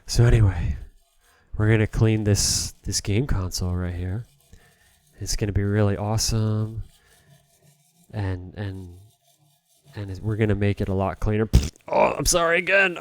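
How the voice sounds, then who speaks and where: A man's voice: fairly low pitch, unhurried, warm tone, no room sound. A man chatting casually to his live-stream viewers while cleaning a console, rambling and self-deprecating, laughing often.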